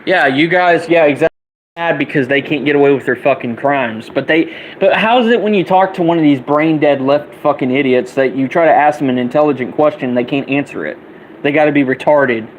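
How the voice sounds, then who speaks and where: A man's voice: fairly high pitch, fairly quick, slight background noise, rough recording. A young man ranting angrily and profanely, repeating himself as he goes. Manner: heated, profane, repetitive ranting. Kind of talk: angry political rant vlog.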